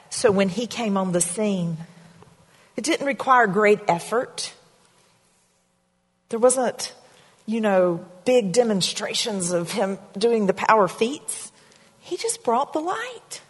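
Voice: medium pitch, breathy edge. A pastor preaching a sermon in a church, in a conversational way, asking the congregation questions. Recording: reverberant hall sound.

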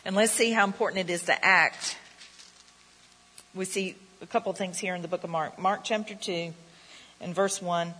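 A woman's voice: lowish voice, steady tone, normal speed, pauses often, bright, forceful tone. A woman preaching a sermon in a chatty way, often asking the listeners questions. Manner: conversational, repeats herself, asks the audience questions. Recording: long reverb of a hall.

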